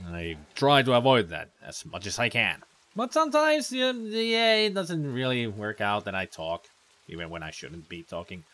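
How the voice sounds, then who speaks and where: A man's voice: medium pitch, wildly swooping pitch, moderate pace, fairly bright tone. A man from Finland, a let's play host giving chatty, rambling gameplay commentary.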